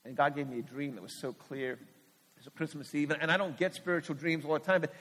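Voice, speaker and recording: Earnest higher-voiced middle-aged preacher in a reverberant hall. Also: male voice, steady tone, fairly quick, fairly bright tone, slightly rough. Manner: earnest, candid storytelling with frequent restarts. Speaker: missionary pastor. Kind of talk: sermon testimony.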